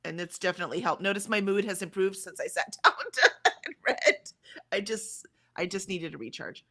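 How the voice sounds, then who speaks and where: A woman's voice: mid-range voice, fairly quick, pushed and bright. A woman, chatting casually on a livestream and reading viewers' comments aloud. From Texas, USA. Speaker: livestream co-host. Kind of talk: casual chat reading out live chat.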